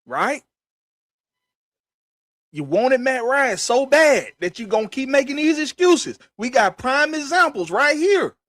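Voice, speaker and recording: Host, male, high voice, heated profane rant, dry close sound. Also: a bit bright, no room sound. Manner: profane, emphatic, repetitive ranting. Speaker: podcast host.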